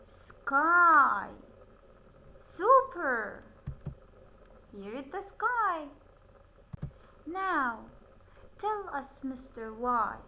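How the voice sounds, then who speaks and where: Slow, lively-voiced woman phonics teacher. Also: sits high, a little hiss or hum, rough recording. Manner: slow, drawn-out word modelling with frequent cheerful praise. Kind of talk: phonics lesson for children.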